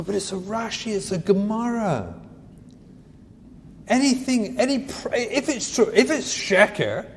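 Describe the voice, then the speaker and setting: A male rabbi giving a lecture on parenting, animated and emphatic, repeating his key points. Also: sits high, long reverb tail, slight background noise.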